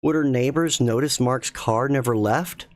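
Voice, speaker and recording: A man reading a spooky story aloud in a slow, measured, suspenseful way as a streamer. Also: medium pitch, dry recording.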